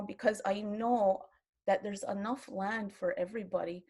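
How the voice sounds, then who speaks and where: A woman's voice: mid-range voice, fairly even intonation, moderate pace, darkish tone. An older woman, a grandmother, speaking earnestly on an online round-table video call, with many restarts and moments where her feelings show. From Kahnawake, Quebec.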